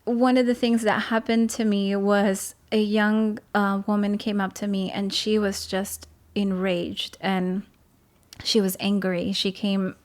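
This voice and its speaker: A woman's voice: mid-range voice, flat delivery, a little slow. A woman who is a teaching pastor, telling a personal church story in casual chat, earnest and full of "like" fillers. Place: home.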